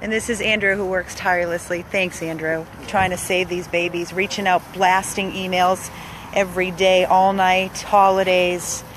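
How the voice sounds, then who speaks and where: A woman's voice: on the low side, level tone, moderate pace, background noise. A woman filming a dog rescue for viewers, cooing baby talk to an old dog and speaking earnestly to the camera. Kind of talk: casual vlog, talking to camera and to a dog. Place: outdoors by a car, then inside the car.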